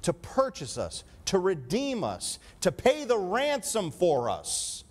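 A man delivering a sermon in a fairly high voice. He preaches emphatically, pressing his points and turning to the congregation for an amen. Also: huge pitch swings, takes it slowly, few pauses.

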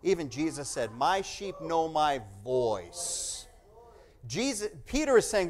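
A man with a high voice preaches a sermon. He swings from hushed asides to loud, emphatic passages. He acts out the voices of the people he quotes. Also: slow. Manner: animated, swings from quiet to loud.

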